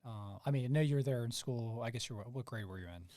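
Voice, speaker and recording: A man's voice: mid-range voice, quick pace, no room sound. A man hosting a podcast, chatting casually and affirming his guest's story. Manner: warm, affirming, conversational. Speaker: podcast host. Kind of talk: casual interview chat.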